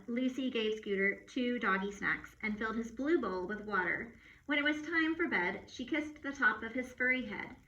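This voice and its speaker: A woman teacher reading a storybook aloud to children on camera, expressive and playful with asides and sound effects. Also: on the high side. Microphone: phone or camera. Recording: muffled with steady background noise.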